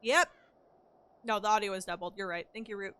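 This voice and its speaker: A woman's voice: medium pitch, steady tone, fairly quick, bright, forceful tone, slight background noise. A woman hosting a casual gaming live stream, chatting and greeting viewers in a bubbly, welcoming way.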